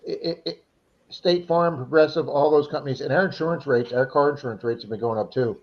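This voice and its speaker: In slightly dull lo-fi sound, a male co-host with a somewhat high voice talks fairly quickly through a casual chat. He rambles through stories, restarting and repeating himself along the way.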